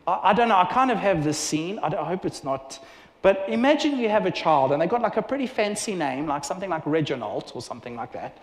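Male preacher, fairly high voice, animated storyteller; roomy hall reverb. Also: fast. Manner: animated storytelling with acted-out dialogue. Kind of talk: sermon. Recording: echoey hall with long reverb.

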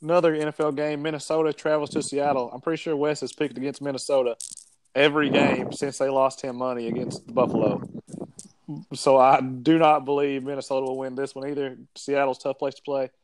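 A man hosting a casual sports chat, running through the games with quick jokes. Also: mid-range voice, flat delivery, no echo. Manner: quick, joking, runs the segment.

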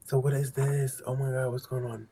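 A man passing by a stream, asking curious, drawn-out questions. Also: mid-range voice, level tone, heavy background noise. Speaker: passer-by guest. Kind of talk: casual chat.

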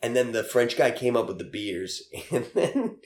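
A man's voice: mid-range voice, sing-song, moderate pace, reverberant. A young man telling casual stories in an interview, rambling with lots of fillers and frequent laughs. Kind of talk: casual storytelling.

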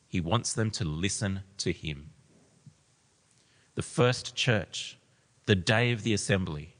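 A man preaching a sermon, reading scripture aloud with emphasis and then explaining it to a gathered church. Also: fairly low pitch. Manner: emphatic, reads scripture with rising intensity. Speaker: pastor. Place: church hall. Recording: long hall reverb.

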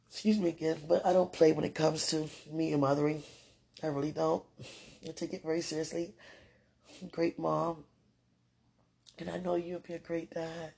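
A woman's voice: low-pitched, steady tone, moderate pace, vocal fry, a little mellow, breathy edge. A woman hosting a podcast, talking casually and directly to her partner, laughing often. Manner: chatty, laughs often, talks straight to the listener. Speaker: podcast host. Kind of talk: casual monologue addressed to a partner.

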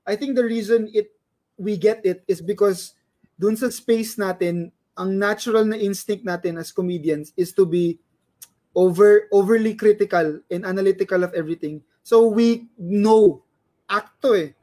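A man with a Filipino accent, a comedian, explaining his views carefully in a relaxed chat, mixing Tagalog and English and often restarting sentences. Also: high-pitched, moderate pace. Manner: analytical, explains carefully, stumbles over words. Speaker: stand-up comedian and IT worker, guest.

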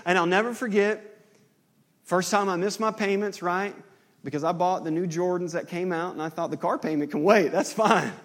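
A man preaching a sermon, telling stories with acted-out dialogue and building to loud, impassioned climaxes. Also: high-pitched, fairly even intonation, moderate pace. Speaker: pastor.

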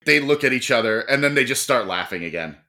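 Brief: playful, gravelly game master narrating a tabletop game. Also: medium pitch, animated, fast, bright, forceful tone. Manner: playful, laughing often.

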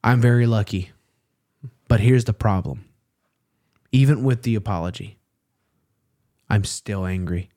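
A young man in his twenties speaks in a low, warm, mellow voice. He talks openly and emotionally in a relaxed conversation, and he slows down when the story gets painful. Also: no echo, clean studio sound. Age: 20s. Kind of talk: casual heartfelt conversation.

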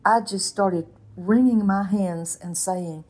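A woman's voice: mid-range voice, a little slow, warm tone. A woman in her eighties teaching a Bible lesson in an earnest, folksy way, with exclamations and stern warnings. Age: 80s.

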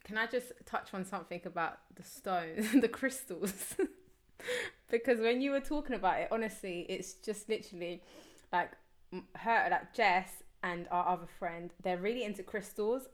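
A woman's voice: mid-range voice, moderate pace. A woman hosting a podcast, chatting casually with many fillers. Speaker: podcast host. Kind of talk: casual chat.

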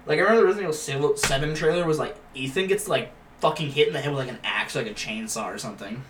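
Podcast co-host, male, a bit high, profane banter, roomy echo, off-mic with faint hiss. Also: very fast. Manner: swears a lot, laughs often. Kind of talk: casual crude banter. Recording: echoey room, distant mic, faint hiss.

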